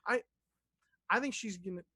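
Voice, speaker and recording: A man acting as dungeon master, narrating a tabletop game in a loose, halting way, with restarts and the odd curse. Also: high voice, sharp tone, slightly rough, dry recording.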